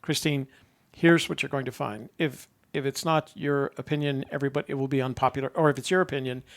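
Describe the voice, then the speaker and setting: A man's voice: mid-range voice, steady tone, quick pace, gravelly. An older man, chatting casually as a show host and rambling through stories while chuckling at himself. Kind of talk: casual chat.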